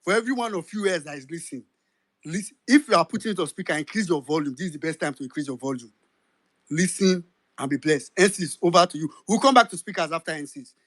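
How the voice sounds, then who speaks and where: A man's voice: on the high side, lively intonation, fast talker, a bit bright, no echo. A Nigerian man with a Nigerian accent hosting and moderating a political audio chat, giving directions and slipping into pidgin. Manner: directive, code-switching into pidgin. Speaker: host of an audio chat room.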